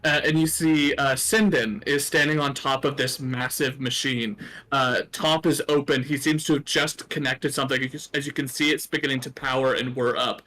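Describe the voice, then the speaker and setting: A man's voice: medium pitch, steady tone, moderate pace, sharp tone. A man narrating a tabletop game as game master, rambling, with many fillers.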